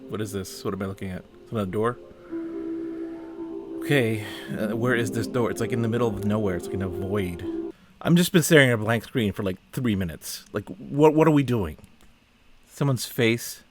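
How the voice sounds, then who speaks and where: Slightly low-voiced, exasperated man reacting. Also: animated, normal speed, over music. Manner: puzzled, exasperated, asks many questions; trails off and restarts mid-sentence. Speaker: host reacting to a film. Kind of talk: casual reaction commentary.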